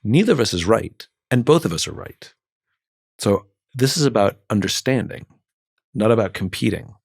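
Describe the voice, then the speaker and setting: A man guesting on a podcast, telling a story in an animated, conversational way and acting out the people he quotes. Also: fairly low pitch, normal speed, creaky, slightly rough, no room sound, studio quality. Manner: animated, acts out quoted exchanges in different voices.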